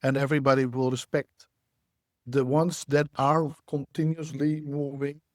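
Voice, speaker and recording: A man, a guest on a podcast, speaking in a measured, reflective way with frequent restarts. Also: mid-range voice, little pitch movement, no echo, studio quality. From Netherlands. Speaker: guest, startup CEO. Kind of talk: podcast interview.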